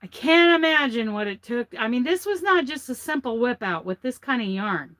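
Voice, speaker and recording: A woman's voice: on the high side, lively intonation, normal speed, a bit bright. A woman hosting her crochet vlog, chatting and gushing over handmade gifts from a truck. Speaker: vlog host. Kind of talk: casual chat showing crochet gifts. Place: inside a truck.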